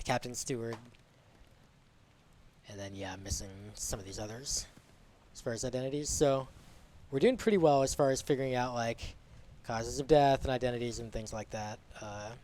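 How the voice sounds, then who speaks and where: A man streaming a game live, musing aloud in a relaxed, unhurried way as he works things out. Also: medium pitch, slight background noise.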